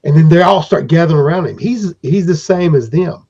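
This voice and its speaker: A man's voice: a little high, brisk, dark tone, husky. A man improvising narration as game master for a tabletop game, rambling, with fillers and restarts. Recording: dull lo-fi recording.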